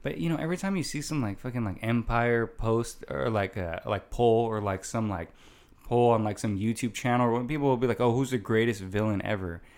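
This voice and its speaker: A man's voice: medium pitch, fairly quick, a little mellow. A man in casual movie chat as a podcast co-host, rambling with many fillers and restarts.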